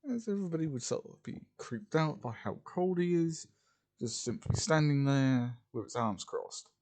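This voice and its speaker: A man's voice: mid-range voice, lively intonation, moderate pace, darkish tone. Rambling man reading fan fiction. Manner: rambling, repeats "as ... would just". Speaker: narrator. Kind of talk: casual fan fiction narration.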